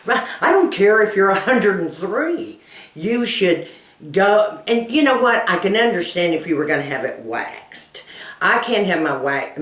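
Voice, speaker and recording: A woman in her fifties, a lifestyle coach chatting with her viewers, folksy and animated, laughing often as she tells stories. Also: lowish voice, echoey room, distant mic. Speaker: lifestyle coach and channel host. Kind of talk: casual chat answering viewer questions.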